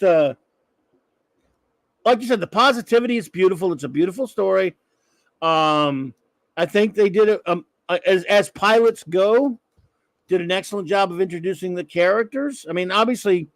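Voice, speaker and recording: A man's voice: high-pitched, moderate pace, no room sound. A middle-aged man hosting a live stream, rambling and joking as he answers chat comments. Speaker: live-stream show host.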